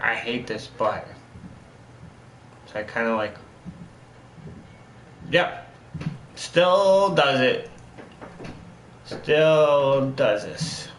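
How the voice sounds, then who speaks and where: A man's voice: fairly high pitch, fairly bright tone. A man streaming a game, chatting casually and repeating words for emphasis as he rambles. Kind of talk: casual gameplay commentary. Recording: echoey room with faint noise.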